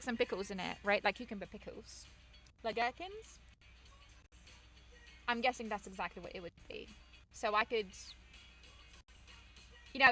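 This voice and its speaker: A woman's voice: mid-range voice, fairly bright tone, low-quality recording. A woman from England, chatting casually on stream, telling rambling stories and reading chat aloud, full of fillers and restarts.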